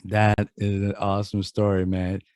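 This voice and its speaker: A man in his fifties hosts an interview with a fairly low voice, recorded close up in a dry, dead room. He is effusive and friendly, and his sentences wander loosely as he heaps praise on his guest. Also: completely flat delivery, moderate pace, a little mellow, no echo. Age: 50s. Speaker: host. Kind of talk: casual interview chat.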